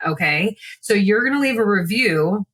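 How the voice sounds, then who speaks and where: A woman's voice: mid-range voice, lively intonation, normal speed, fairly bright tone, husky. A woman co-hosting a podcast, chatting casually and joking, with frequent laughs. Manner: rambling, joking, laughs often. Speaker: podcast co-host. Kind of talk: casual chat.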